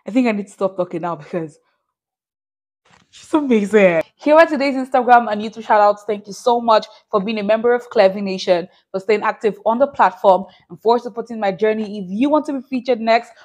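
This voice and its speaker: A woman's voice: medium pitch, a little fast, a little mellow. A woman hosting a reaction vlog, gushing and full of exclamations as she talks casually to her viewers. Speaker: reaction channel host.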